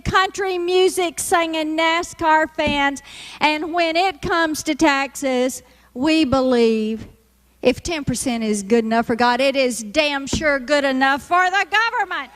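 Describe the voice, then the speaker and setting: A woman's voice: sits high, big-room sound. A middle-aged woman from Mississippi with a Southern accent, doing a folksy, teasing stand-up routine. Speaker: comedic speaker.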